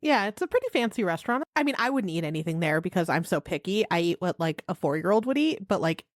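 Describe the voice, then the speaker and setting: A woman co-hosting a podcast in casual chat, giggly and expressive, often laughing as she talks. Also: on the low side, fast, dry recording, studio quality. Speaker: podcast co-host.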